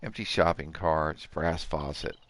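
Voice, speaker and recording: A man's voice: a bass voice, a little slow, a bit bright. A man in his sixties hosting a gaming channel, giving joking let's-play commentary and trash-talking the characters. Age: 60s. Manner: jokey, trash-talks the characters.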